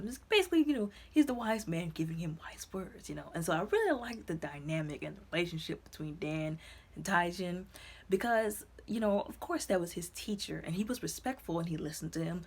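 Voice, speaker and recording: A woman retells and reviews episodes in an energetic, rambling way, with plenty of fillers between her thoughts. Her voice sits on the low side with a breathy, husky edge. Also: brisk. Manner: chatty, many fillers, energetic storytelling. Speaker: video reviewer.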